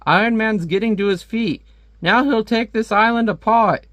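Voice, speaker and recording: A man's voice: high voice, moderate pace, a bit bright, no echo, voice pushed up. A man reading out a gloating male supervillain from a comic, in a theatrical, monologuing voice. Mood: bitter. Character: gloating male supervillain scientist, scheming father.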